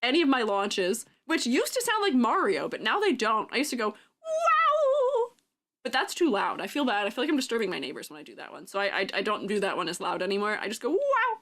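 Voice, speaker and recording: A young woman streamer in casual chat, giggling often and breaking into silly yells and cartoonish sound-effect noises. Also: medium pitch, sing-song, quick pace, hardly any pauses.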